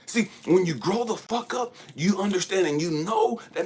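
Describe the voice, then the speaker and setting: A man's voice: high-pitched, expressive, normal speed, few pauses, darkish tone, breathy edge. A man giving a blunt, profane spiritual monologue, preaching hard and at times dropping into a whisper. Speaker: spiritual speaker.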